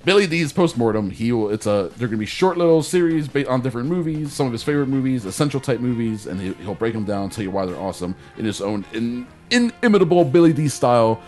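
Rambling male podcast host plugging shows, mid-pitched, faint guitar bed underneath. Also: fast, few pauses, darkish tone. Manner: rambling, self-correcting plugs. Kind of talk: casual podcast chat.

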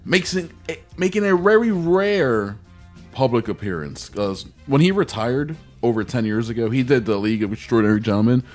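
Brief: man, podcast co-host, animated joking delivery, lively pitch, faint music under. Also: moderate pace. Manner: animated, jokey, slips into mock impressions. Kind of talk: casual chat.

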